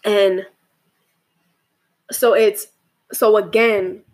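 A woman's voice: medium pitch, fairly even intonation, drawn-out words, a little mellow. Rambling, reflective young woman. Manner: rambling, many restarts and fillers, asks "right?". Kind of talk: casual reflective monologue.

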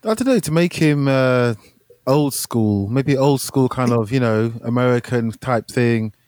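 A man's voice: mid-range voice, unhurried, a little mellow, dry recording. Hesitant man, plain dry voice. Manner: hesitant, repeats words when unsure. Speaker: podcast co-host. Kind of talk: casual film review chat.

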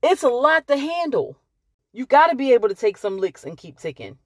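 A woman, talking candidly to camera in a wry, emphatic way and pausing for effect. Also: sits high, big pitch swings, dry recording, clean studio sound. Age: late 30s.

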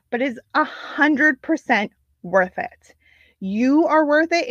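A chatty woman with a fairly high voice, encouraging her viewers in a loose live-stream talk. The sound is dry and a little dull, like a phone or webcam recording. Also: no room sound. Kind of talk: casual Facebook live talk.

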